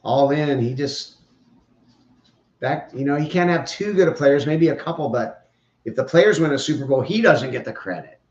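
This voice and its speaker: A man's voice: a little high, animated, moderate pace. A man hosting a podcast, giving opinionated, rambling, joking sports commentary. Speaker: podcast host. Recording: roomy, dull lo-fi sound.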